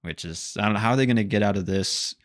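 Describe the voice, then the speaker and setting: A man's voice: on the low side, quick pace. A young man co-hosting a casual podcast, rambling through a TV recap and acting out the characters' lines. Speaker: podcast co-host.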